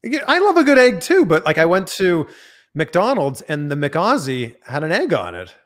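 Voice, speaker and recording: A man from Canada hosting a relaxed interview over a video call, asking playful, teasing questions. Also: fairly high pitch, normal speed. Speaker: host. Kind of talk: casual interview chat.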